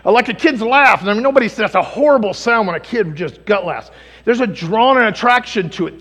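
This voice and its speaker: A man pastor preaching in a church, his voice high with a gravelly edge. He is energetic and humorous, swinging between loud exclamations and hushed lines. The sound carries a long hall reverb. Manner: humorous, acts out quick voices. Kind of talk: sermon.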